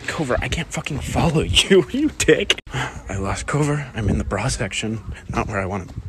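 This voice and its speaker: A man's voice: mid-range voice, sing-song, normal speed, heavy background noise. A young man filming a casual vlog, playful and giggly, swearing often as he talks. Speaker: vlogger.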